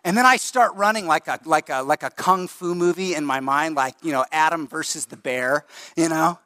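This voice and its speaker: A middle-aged man delivering a sermon from the pulpit, talking to the congregation in a loose, conversational way. His voice sits a little high and rings bright and forceful. The sound is close and dry, with almost no room on it. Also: dry recording. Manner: conversational, animated, speeds up and slows down for emphasis. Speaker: pastor. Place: church sanctuary.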